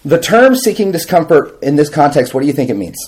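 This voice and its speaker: A man giving a sermon to a live audience, telling stories with animated energy, laughing and asking the room questions. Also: fairly high pitch, fast. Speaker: preacher.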